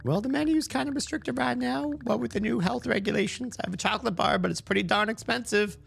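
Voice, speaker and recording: High squeaky old lunch lady, folksy and sly, man doing the voice. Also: gravelly, fairly bright tone, a little hiss or hum, exaggerated voice. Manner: high put-on falsetto, drawn-out folksy talk.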